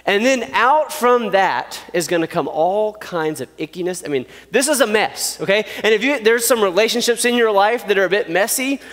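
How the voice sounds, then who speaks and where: A man giving a youth sermon in a playful, animated way, acting out little scenes. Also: high-pitched, long reverb tail. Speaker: youth pastor.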